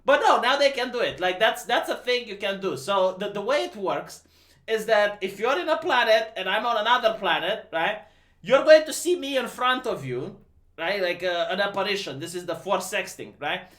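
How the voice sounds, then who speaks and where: A man from Romania rants about a movie on his livestream, incredulous and swearing freely. His bright voice swings widely in pitch. He sounds like he is in an echoing room. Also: moderate pace. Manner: incredulous, profane, animated. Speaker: livestream host. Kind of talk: casual movie rant. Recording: roomy echo.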